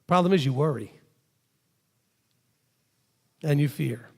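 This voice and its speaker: A man with a high, gravelly voice preaches to a live congregation. He teaches in an animated way and acts out imagined back-and-forth conversations as he goes. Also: fast. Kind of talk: sermon-style teaching with acted dialogue.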